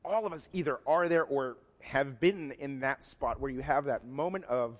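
Male pastor, mid-pitched, conversational sermon with acted-out quotes, large echoing church. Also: normal speed, few pauses. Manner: conversational, acts out quotes in varied voices. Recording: long hall reverb.

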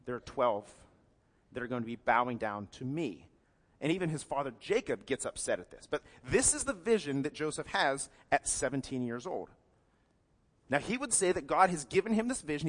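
Male pastor, light-pitched voice, casual wry preaching, self-correcting asides, long hall reverb. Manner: corrects himself mid-sentence. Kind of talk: sermon.

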